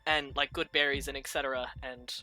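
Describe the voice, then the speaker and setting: A woman's voice: extremely low pitch, fairly even intonation, a little fast, sharp tone, faint music behind, rough recording. A young adult woman narrating a tabletop game as game master, rambling with many fillers and laughs.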